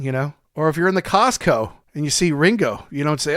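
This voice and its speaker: A man co-hosts a rock podcast in casual chat, his voice sitting a little high. He retells concert moments with animated quoted lines and frequent laughter. The sound is dry and close to the mic. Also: a little fast, dry recording. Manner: animated storyteller who acts out quotes and laughs often. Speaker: podcast co-host.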